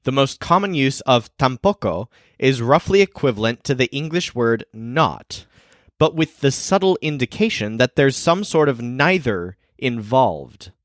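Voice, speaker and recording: Male teacher-host, lively delivery, dry close mic. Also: medium pitch, no room sound. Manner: explains clearly, slows down for example sentences. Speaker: language teacher. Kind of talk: scripted teaching narration.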